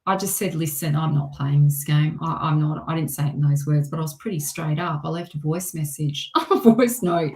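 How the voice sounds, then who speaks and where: A woman's voice: low-pitched, normal speed, hardly any pauses, a little mellow. Chatty woman tarot reader, echoey room. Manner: candid, chatty, swears and laughs often. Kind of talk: casual livestream tarot reading.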